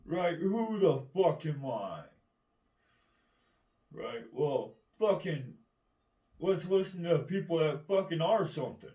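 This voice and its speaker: A man with a mellow, somewhat high voice and lively intonation rants slowly, leaving long pauses. His monologue wanders and picks fights, full of swearing and frequent "right?" asides, captured on a far-off mic in an echoing space.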